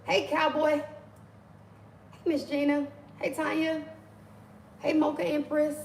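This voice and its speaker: A woman hosting a live stream, greeting viewers by name in an affectionate, animated way. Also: high-pitched, takes it slowly, gravelly. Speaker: livestream host. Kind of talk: casual live stream chat. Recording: echoey room with faint ambient noise.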